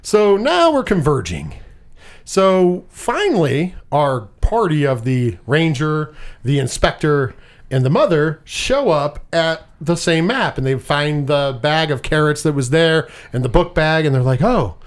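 A man co-hosting a podcast, casually recapping a movie in animated style, swearing freely and acting out the characters' lines. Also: fairly high pitch, unhurried. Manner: animated, swears often, acts out quotes.

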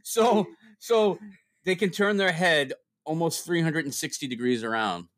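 A man's voice: fairly high pitch, a little slow, a bit bright. A man co-hosting a casual podcast chat, teasing his co-host and laughing often.

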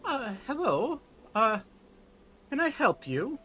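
A man's voice: extremely high pitch, very animated, slow pace, pushed and bright, slight background noise, voice pushed up, exaggerated voice. A man voicing an elderly, slim elven nun who runs an orphanage and speaks politely and hesitantly.

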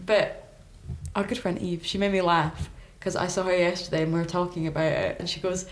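A woman with a stuffy cold, co-hosting a podcast and telling chatty, animated stories. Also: on the low side, fairly quick, roomy sound. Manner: chatty, animated storytelling with swearing. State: congested with a cold. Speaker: podcast co-host. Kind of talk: casual chat.

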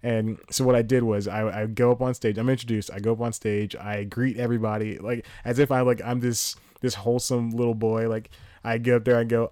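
A man hosting his own podcast alone, chatting casually and rambling through stories, laughing at himself and jumping into high-pitched impressions. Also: steady tone, moderate pace, a little mellow, no room sound, clean studio sound. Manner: rambling, self-mocking, laughs at own jokes; jumps into high-pitched impressions mid-story. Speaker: podcast host. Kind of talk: solo casual podcast chat. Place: home room with TV on. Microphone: home podcast mic, solo at laptop.

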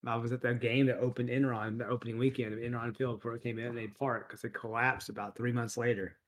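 A man's voice: mid-range voice, quick pace. A man co-hosting a podcast, chatting casually about movies with plenty of fillers and laughter. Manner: animated, laughing, lots of fillers. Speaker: podcast co-host. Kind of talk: casual chat.

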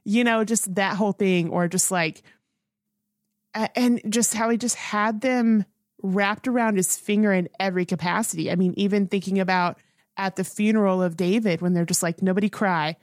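A woman's voice: mid-range voice, steady tone, moderate pace, no echo, studio quality. A woman co-hosting a film review podcast, talking in an earnest, rambling way with many restarts. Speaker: podcast co-host. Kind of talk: casual film review chat.

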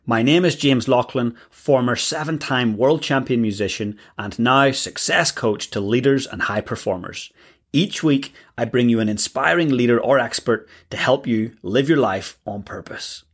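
A man hosting a podcast, reading his show intro and a guest introduction in an upbeat, energetic way, then greeting his guest. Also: medium pitch, moderate pace. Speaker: podcast host and success coach.

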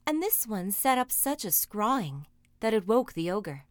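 A woman reading a fairy tale aloud, expressive and dramatic. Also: mid-range voice, a little slow, dry recording. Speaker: storyteller. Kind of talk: storybook reading.

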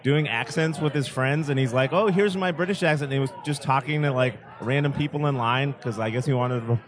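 A man's voice: medium pitch, steady tone, a little fast, a crowd in the background. Man telling a story in casual chat. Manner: laughing storyteller.

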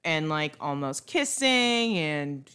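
A woman's voice: low-pitched, big pitch swings, slow pace, a bit bright, smooth. A young woman co-hosting a podcast, chatting casually and ranting bluntly about celebrity gossip. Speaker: podcast co-host. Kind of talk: casual chat.

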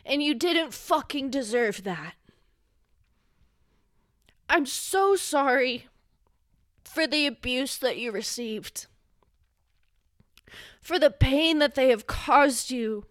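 A young woman hosting a solo podcast, speaking with raw emotion and swearing, sometimes rising to a yell. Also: high voice, expressive, slow, pauses often, dry recording, clean studio sound. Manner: impassioned, swearing, rising to yelling when angry. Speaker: podcast host.

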